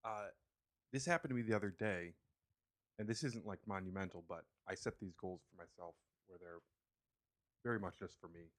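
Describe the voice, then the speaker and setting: A man's voice: low voice, moderate pace, pauses often. A man chatting casually as a podcast guest, telling a laid-back story. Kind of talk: casual chat.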